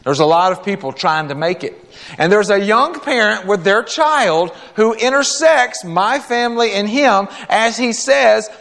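A man preaching a sermon as a guest preacher, telling a story in an animated, conversational way with quick asides and acted-out quotes. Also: high-pitched, creaky, in a large hall. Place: church sanctuary.

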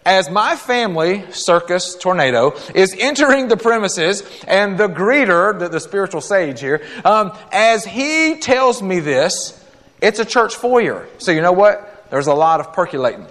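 High-voiced animated preacher in a reverberant hall. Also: male voice. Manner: animated, conversational, quick asides and acted-out quotes. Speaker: guest preacher. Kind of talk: sermon with storytelling. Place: church sanctuary.

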